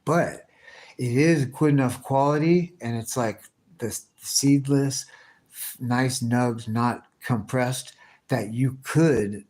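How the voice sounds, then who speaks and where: A man's voice: medium pitch, slow, darkish tone. A man live streaming, chatting casually with his viewers and answering their comments in a rambling, slang-heavy, profane way with many restarts.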